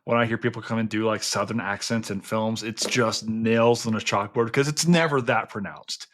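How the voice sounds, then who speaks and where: A man's voice: fairly low pitch, fairly even intonation, moderate pace, a bit bright, slight background noise. Chatty Southern-born man hosting a podcast. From American South. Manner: chatty, enthusiastic, many fillers and restarts. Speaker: podcast host. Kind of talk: casual film and history chat.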